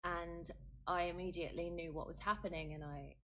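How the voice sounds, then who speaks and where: In an archived interview clip, a woman recounts her own experience earnestly, with fillers and growing intensity. Her voice is lowish, bright and forceful, with a steady tone and a brisk pace.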